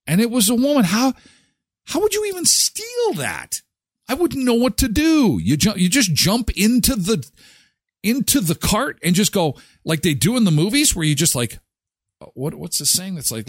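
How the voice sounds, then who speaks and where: Guy hosting a daily live show, jokey, pitch jumps all over, dry close sound. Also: moderate pace, no echo. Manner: animated, joking, swings in pitch. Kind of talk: casual joking show chat.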